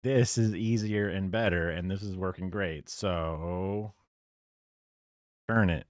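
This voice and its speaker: A man chatting casually on a livestream, rambling along with filler words. His voice is low and dry, with no room sound. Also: fairly even intonation, slow, no echo. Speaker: livestream host reacting to a video. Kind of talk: casual chat.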